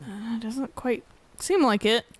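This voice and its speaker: A woman's voice: on the high side, slow pace. A woman co-hosting a gameplay video, chatting casually, swearing and joking about herself as she plays. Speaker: gameplay co-host.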